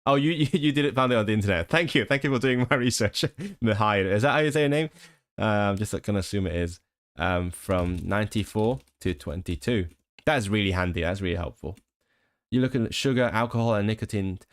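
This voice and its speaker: A man's voice: lowish voice, fairly quick. A man chatting casually with his live-stream viewers, rambling with frequent laughs and restarts.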